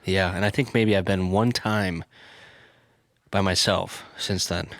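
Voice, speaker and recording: A man with a somewhat low voice co-hosts a loose podcast. He banters and throws out teasing wisecracks. The recording is dry and close, with no room sound. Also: steady tone, measured pace, a bit bright, dry recording. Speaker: podcast co-host. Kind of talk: casual chat.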